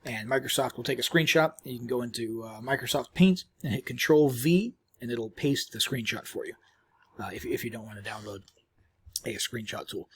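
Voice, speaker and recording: A man presenting a screen-recorded software tutorial in a casual, rambling way, full of ums and restarts, chewing while he talks. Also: mid-range voice, normal speed, breathy edge.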